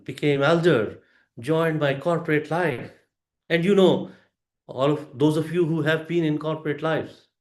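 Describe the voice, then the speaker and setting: Before a club audience, a man delivers a rehearsed story in a measured way, with pauses and rises for emphasis. His voice sits a little high and the sound is roomy.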